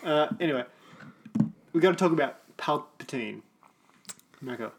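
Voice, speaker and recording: A man bantering on a podcast, his voice a touch higher than most men's. He jokes and teases in a loose, playful way. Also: expressive, moderate pace, husky. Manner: joking, playfully teasing. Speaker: podcast co-host. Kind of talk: casual chat.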